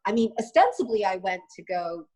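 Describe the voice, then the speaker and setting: A woman's voice: medium pitch, fairly quick, low-quality recording. A woman in her fifties, a co-host, telling personal stories in a casual conversation and often restarting her sentences. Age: 50s. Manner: animated anecdote-telling with frequent restarts. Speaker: co-host, lawyer and columnist.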